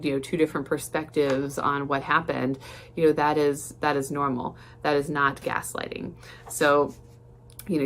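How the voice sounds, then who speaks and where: A woman with a notably low voice talks as a counselor hosting an educational podcast. Her delivery is calm and informal, full of "um" and "you know." A faint hiss sits under her voice. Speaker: licensed counselor and podcast host.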